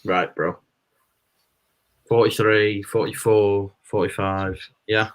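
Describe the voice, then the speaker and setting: A man with a low, level voice takes his time as he co-hosts a casual live football watchalong. As a fan, he's downbeat and blunt, openly pessimistic about how his team will do.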